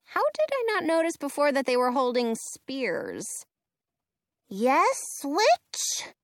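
A woman narrating a children's storybook aloud with expressive, animated delivery. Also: high voice, normal speed, no echo, clean studio sound.

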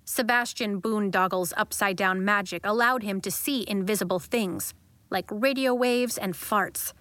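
A woman narrating a children's audiobook in a calm, measured way. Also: medium pitch, no echo.

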